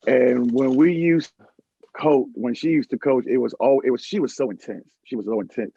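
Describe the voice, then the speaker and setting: A man hosting a podcast, asking relaxed, rambling questions in casual chat. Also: mid-range voice, normal speed, gravelly, breathy edge. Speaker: podcast host. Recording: muffled lo-fi audio.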